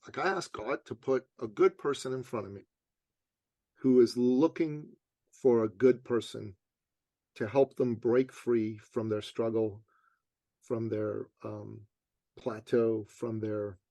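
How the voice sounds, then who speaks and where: Interviewed as a motivational coach, a man with a medium-pitched voice tells stories casually and animatedly, acting out what people said. The recording has no echo.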